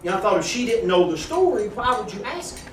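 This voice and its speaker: A man telling a folksy, animated testimony at a church gathering, acting out the voices in his story. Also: sits high, fast. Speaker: church member giving a testimony. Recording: echoey room, distant mic, audience noise.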